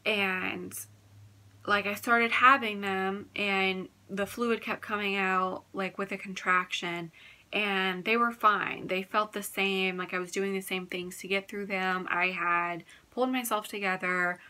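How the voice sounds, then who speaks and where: A woman's voice: mid-range voice, fairly even intonation, a little slow, sharp tone. A young woman vlogger telling a personal story in a casual, candid way, often saying "like". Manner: chatty, candid, fills talk with "like".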